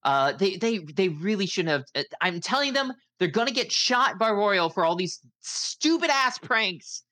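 A woman's voice: mid-range voice, lively intonation, a little slow, few pauses, pushed and bright, pitched above the performer's own voice. A woman voicing a harried 25-year-old matriarch who scolds and fusses. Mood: apologetic. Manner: exasperated, scolding.

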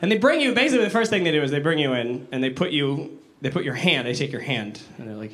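Stand-up comic, male, high and animated, echoey club with laughter behind. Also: fast. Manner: animated, acts out voices in his stories. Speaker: stand-up comedian. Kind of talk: stand-up comedy set. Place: comedy club with a live audience. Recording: echoey room, live audience laughter.

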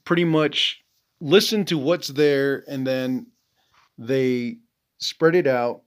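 A man's voice: medium pitch, slow pace. A man from the Navajo Nation hosting a podcast, talking bluntly and profanely, full of "you know". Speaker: podcast host, veteran. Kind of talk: casual monologue.

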